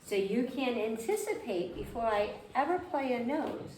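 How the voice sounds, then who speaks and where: A woman's voice: mid-range voice, lively intonation, unhurried, a little mellow. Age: adult. Sex: woman. Role: piano teacher. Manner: patient, quizzing the class. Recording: roomy, distant, faint noise. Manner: patient, asks the class questions and repeats answers. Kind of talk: group music lesson.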